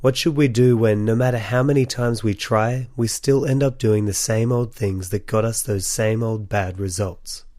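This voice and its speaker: Mellow-voiced man with a sick voice. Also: on the low side, fairly even intonation, normal speed, hardly any pauses, no echo, clean studio sound. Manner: earnest, encouraging, speaks directly to listeners. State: sick voice after a cold. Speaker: podcast host. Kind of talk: solo podcast monologue.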